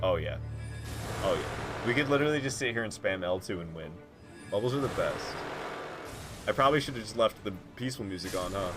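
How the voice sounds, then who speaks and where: Male gaming commentator, lively and profane, jokey, quick laughs, music bed behind. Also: lowish voice. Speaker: gaming YouTuber. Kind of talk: casual gameplay commentary.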